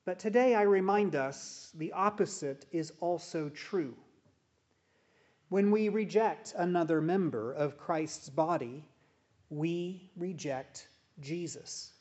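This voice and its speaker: A man preaching a sermon as a pastor, in a measured, deliberate way with emphatic pauses. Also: on the high side, a little mellow. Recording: dull, muffled sound.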